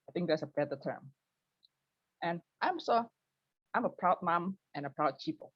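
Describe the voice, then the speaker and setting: Husky woman doing self-mocking stand-up. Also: moderate pace, no room sound, lo-fi sound. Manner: self-mocking, lively, switches to high voice for quoted people. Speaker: open mic comedian. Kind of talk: stand-up comedy over a video call. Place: home, early morning.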